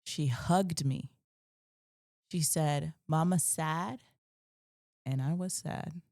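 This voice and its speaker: A young woman with a low, gravelly voice talks earnestly about parenting. Her tone is mellow and dark, and she shares a personal story in a confessional, meandering monologue. The recording is close and dry. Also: takes it slowly, dry recording. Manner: earnest, confessional, rambling with restarts. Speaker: parenting channel host.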